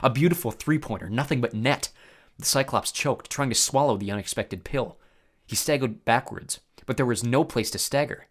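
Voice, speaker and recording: A man's voice: medium pitch, normal speed. A man reading a story aloud, narrating expressively in the first person.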